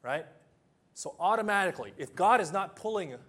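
A man preaching a sermon as pastor, emphatic, with long pauses, building to loud peaks and then dropping low. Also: expressive. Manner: acts out simple illustrations with sound effects.

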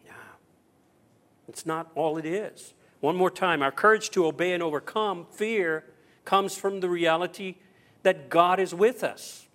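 A middle-aged man preaching a sermon as pastor, telling stories with acted-out quotes and swinging between loud and hushed. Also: high-pitched, measured pace.

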